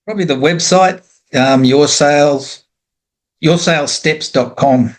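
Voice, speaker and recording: A middle-aged man, a guest on a casual interview, telling sales anecdotes in a relaxed, agreeable way. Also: on the high side, measured pace.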